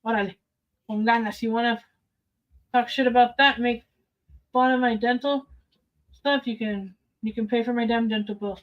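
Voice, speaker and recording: A woman's voice: fairly high pitch, steady tone, normal speed, pauses often, highs cut off. A middle-aged woman chatting on a live stream, blunt, defiant and full of profanity. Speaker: livestreamer. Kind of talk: casual live stream chat.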